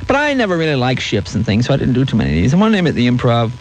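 A man's voice: medium pitch, very fast, a little hiss or hum, low-quality recording. A man telling anecdotes as a comedian guest in an interview, acting out the voices of people in his stories. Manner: animated, acts out voices in stories.

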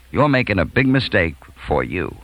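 A man playing a cocky, smooth-talking teenage boy who bargains his way out of trouble. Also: deep voice, very animated, slow pace, fairly bright tone, full character voice, rough recording. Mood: coaxing. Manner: persuasive, coaxing, street-smart.

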